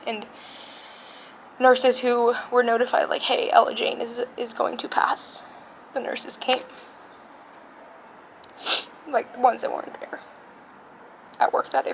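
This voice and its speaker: A young woman with a slightly high voice that often drops into vocal fry. She tells a personal story slowly and haltingly, stopping often and close to tears. Faint background noise runs under her voice. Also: rough recording. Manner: soft, halting, emotional. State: tearful. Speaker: vlogger. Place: alone in a quiet room.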